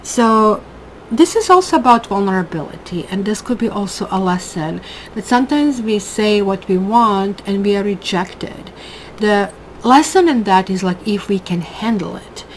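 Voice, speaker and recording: A woman's voice: medium pitch, animated, normal speed, slight background noise, poor audio. Woman, tarot reader, casual forecast, chatty, emphatic, home table. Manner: chatty and emphatic, keeps asking "right?".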